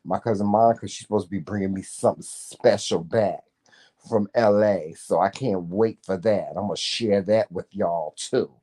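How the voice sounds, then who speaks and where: A man's voice: lowish voice, normal speed, dark tone. A man co-hosting a casual morning chat vlog, talking freely and calling listeners "child" and "y'all". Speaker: vlog co-host.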